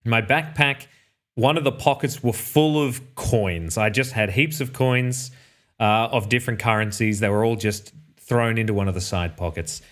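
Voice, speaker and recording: An Australian man recounting a travel mishap in an offhand, casual way. His voice sits at an ordinary middle pitch, and he keeps circling back to fix details and slip in deadpan remarks. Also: normal speed. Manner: rambling, self-correcting, dry asides. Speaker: streamer telling a personal story. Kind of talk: casual anecdote.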